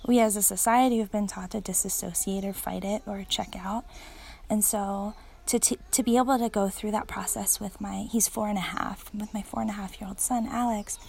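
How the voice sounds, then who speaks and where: A thirty-something woman reflects out loud while standing outside. She talks in an earnest, thoughtful way, pausing on fillers and restarting her sentences. Her voice sits at a middle pitch with a gravelly, creaky texture. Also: fairly even intonation, a little hiss or hum. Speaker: parent sharing reflections. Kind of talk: casual spoken reflection. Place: outdoors.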